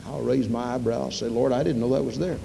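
A middle-aged male pastor preaching a sermon, telling folksy stories and acting out dialogue with sudden jumps in pitch. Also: steady tone, fast, creaky, dark tone, a little hiss or hum. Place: church sanctuary. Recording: long reverb of a church hall.

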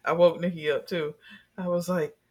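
A young adult in a casual chat, telling a story with lively energy and plenty of swearing. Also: mid-range voice, normal speed, slightly rough. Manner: animated storyteller, swears freely.

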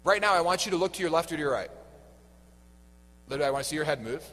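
Lively preacher in an echoey church. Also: male voice, fairly high pitch, racing. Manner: conversational, quizzes the congregation. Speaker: homilist. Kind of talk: sermon.

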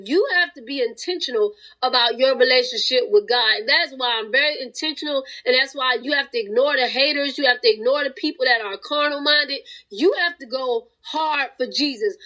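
Fervent high-voiced woman testifying. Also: bright, forceful tone, poor audio. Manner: fervent, preachy, tearful at times. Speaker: podcast host giving a testimony. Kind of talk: emotional spoken testimony. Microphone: home podcast recording.

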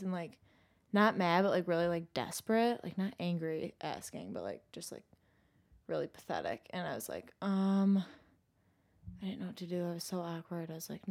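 A young woman chats casually about her own life, saying "like" in nearly every phrase and swinging between loud and hushed. Her voice is lowish and brisk, with vocal fry.

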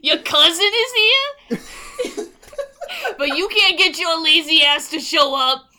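A woman co-hosting a podcast in casual chat, making slow, wry quips and laughing often. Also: extremely high pitch. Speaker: podcast co-host. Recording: loud background noise.

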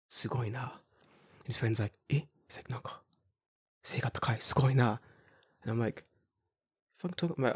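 A man telling a long story in casual chat, animated and full of swearing, acting out other people's voices. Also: medium pitch, breathy edge. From United Kingdom.

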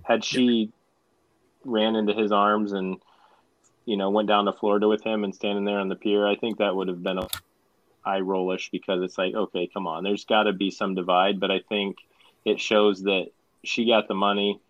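A man's voice: fairly low pitch, flat delivery, normal speed, dry recording, dull audio. A man co-hosting a casual film podcast, rambling along with frequent ums. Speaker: podcast co-host. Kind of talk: casual movie discussion.

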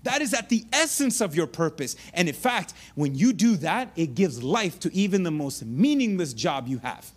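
Male pastor, thirties, high light voice, lively conversational sermon with hushed asides. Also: moderate pace, few pauses. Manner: animated, conversational preaching with sudden drops to a hushed voice.

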